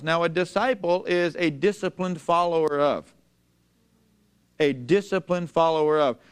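Man, preacher delivering a sermon; high, smooth voice, emphatic, draws the congregation in with questions. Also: a bit bright. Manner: emphatic, asks the congregation to repeat lines, slows for scripture. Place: church before a congregation.

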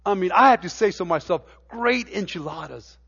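A man's voice: high voice, expressive, moderate pace, vocal fry, a bit bright, muffled recording. A middle-aged man preaching a sermon in a church, telling homey stories with stammered restarts and building to emphatic preaching. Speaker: pastor. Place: church sanctuary.

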